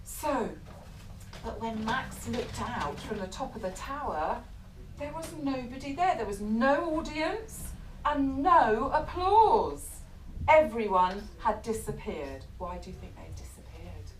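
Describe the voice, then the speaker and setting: A middle-aged English woman reading a picture book aloud to children, animated, stopping to ask them questions. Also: a little high, takes it slowly, slight background noise. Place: bookshop or café event room. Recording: echoey room, distant mic, background chatter.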